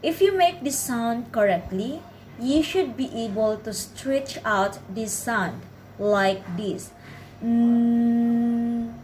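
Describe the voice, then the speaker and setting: A woman, narrating a pronunciation lesson in a careful, clearly enunciated way. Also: fairly high pitch, slight background noise, poor audio. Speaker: pronunciation teacher. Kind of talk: scripted instructional narration.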